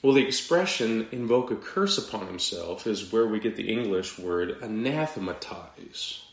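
A man preaching a sermon as pastor, in a slow, dramatic delivery with pauses and sudden drops to quiet. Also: on the low side, lively intonation, vocal fry. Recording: echoey room, dull lo-fi sound.

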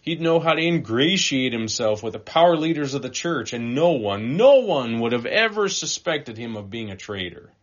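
A man preaching a sermon, animated, swinging between loud emphatic phrases and quiet, slowed lines. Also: mid-range voice. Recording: dull, lo-fi sound.

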